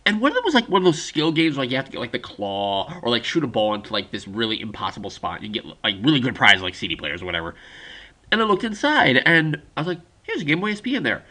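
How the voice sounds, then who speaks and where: A young man rambles through stories in a casual vlog monologue, stopping and restarting often. His pitch rises and falls in lively swings, and his voice has a bright, forward edge. He speaks at a middling pitch for a man. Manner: rambling, halting storytelling. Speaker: vlogger.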